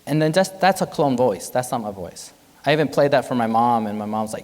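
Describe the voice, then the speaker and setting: A man, a physician, giving a lively, conversational conference keynote and joking with the audience. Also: mid-range voice, fairly quick. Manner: animated, conversational, jokes with the audience. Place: large hotel conference hall. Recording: long hall reverb.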